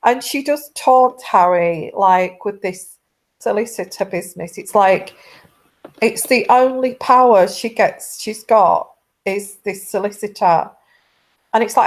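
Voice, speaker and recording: A woman giving a casual intuitive tarot reading, rambling with many halting restarts. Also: mid-range voice. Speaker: tarot reader.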